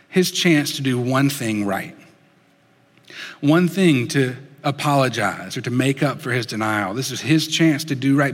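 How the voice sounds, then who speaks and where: Earnest male preacher in a reverberant hall. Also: mid-range voice. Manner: earnest, dropping soft and slow for emphasis. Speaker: pastor. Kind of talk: sermon.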